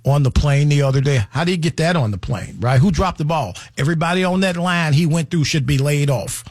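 A high-pitched male talk show host riffs in an animated, joking way, full of slang and sudden quoted voices. His voice sits bone dry and close, with no room sound around it. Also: fairly quick, no echo. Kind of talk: comedic radio talk commentary.

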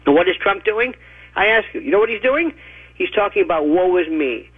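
A man's voice: high voice, lively intonation, fairly quick, breathy edge, no echo. A man giving opinionated, mocking commentary on a radio show by phone, talking in an emphatic ranting way. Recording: tinny phone line.

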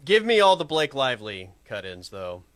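A man co-hosting a sports talk show, casual and wry, with quick short reactions. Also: medium pitch, very animated, fairly bright tone, clean tone, no echo.

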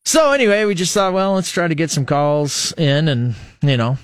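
A man's voice: on the high side, big pitch swings, normal speed, clear, resonant tone, no room sound. A middle-aged man from the United States hosting a local radio show in a studio, rambling in a casual, self-mocking way and laughing at his own slips. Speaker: radio host. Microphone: studio microphone.

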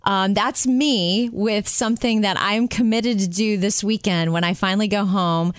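A woman's voice: medium pitch, fairly even intonation, normal speed, no echo, studio quality. Chatty upbeat woman radio host. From Florida, US. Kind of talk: casual radio show chat.

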